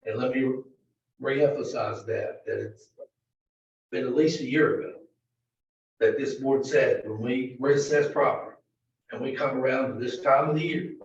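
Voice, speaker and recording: A man presenting a county budget to a board in a halting, filler-heavy way, recorded in a meeting room. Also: mid-range voice. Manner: halting, many fillers and restarts. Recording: distant, very echoey, dull meeting-room audio.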